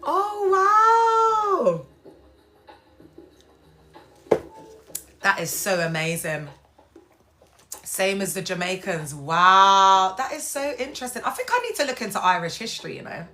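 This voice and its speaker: A woman hosting a casual live stream from a hospital bed, chatting to viewers and reading their comments, animated and quick to break into high excited exclamations. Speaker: livestream host.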